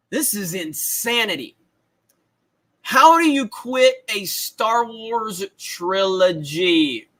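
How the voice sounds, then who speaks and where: A young man hosting a casual livestream, ranting in an excited, repetitive way and often breaking into laughter. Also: sits high, slow. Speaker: host.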